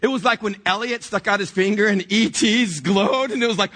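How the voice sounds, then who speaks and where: Man, pastor, middle-aged, husky, fairly high voice, animated storytelling sermon, self-mocking. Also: a little fast, hardly any pauses. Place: church stage before a congregation.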